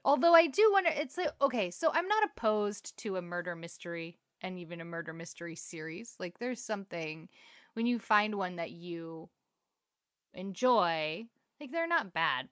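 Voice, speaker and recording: A woman's voice: lowish voice, a bit bright, dry recording, clean studio sound. A woman co-hosting a podcast in casual chat, wry and prone to sarcastic rants. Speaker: podcast co-host.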